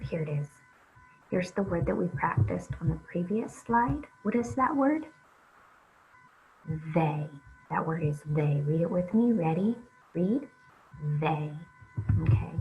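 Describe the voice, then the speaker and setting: A woman with a low voice leads a reading lesson for young children and takes each line slowly and patiently. The audio sounds a little muffled, with faint music underneath. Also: darkish tone. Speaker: reading teacher.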